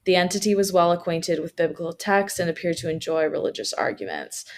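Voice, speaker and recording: A woman's voice: on the low side, sing-song, brisk, a little hiss or hum. A woman co-hosting a podcast, reading out a local legend and breaking in with casual asides and fillers. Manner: reads notes, then adds casual asides with fillers. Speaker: podcast co-host.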